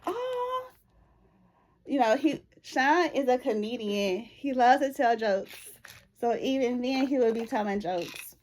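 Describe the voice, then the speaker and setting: Woman, church storyteller, animated delivery with acted-out voices, slightly high pitch. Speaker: storyteller sharing her life story. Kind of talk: casual personal storytelling.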